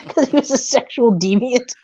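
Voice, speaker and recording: Excitable swearing woman on a lo-fi mic. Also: on the high side, unhurried. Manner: excitable, swears often, laughs a lot. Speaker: podcast co-host. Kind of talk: casual movie review chat. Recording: dull lo-fi audio.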